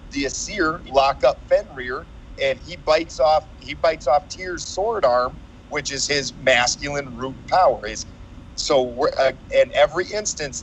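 A man's voice: a little high, a little hiss or hum, rough recording. A man speaking as a podcast guest, explaining myths earnestly in a lecturing way. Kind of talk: casual podcast conversation.

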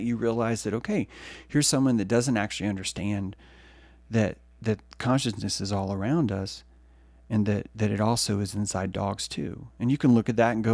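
A man's voice: on the low side, normal speed, darkish tone, no room sound. A male podcast host giving a rambling, profane solo monologue.

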